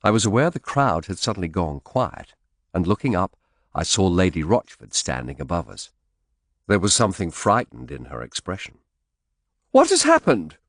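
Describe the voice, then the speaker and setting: A man narrating an audiobook in first person with expressive, dramatic storytelling. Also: sits low, normal speed, no room sound, studio quality.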